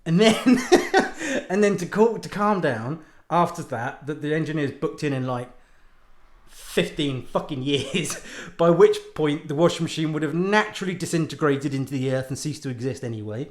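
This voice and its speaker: A man's voice: on the high side, expressive, normal speed, roomy sound. Sweary man ranting with laughs. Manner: sweary, laughs often, exasperated storytelling. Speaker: podcast host and author. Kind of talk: rambling casual monologue.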